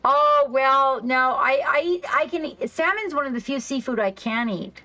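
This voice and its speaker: A woman hosting a casual livestream, rambling excitedly and reacting to her chat. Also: high voice, moderate pace, low-quality recording. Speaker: livestream host. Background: faint background music.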